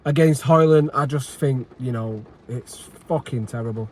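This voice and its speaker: A man's voice: mid-range voice, unhurried, darkish tone. A man giving an angry post-match reaction, frustrated and sweary, repeating himself and sighing. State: agitated. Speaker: football fan channel host.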